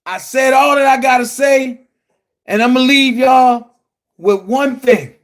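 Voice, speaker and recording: A man delivering a heated, profane vlog rant as an online commentary host, often shouting and repeating himself for emphasis. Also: very high-pitched, unhurried. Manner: blunt and emphatic, repeats phrases.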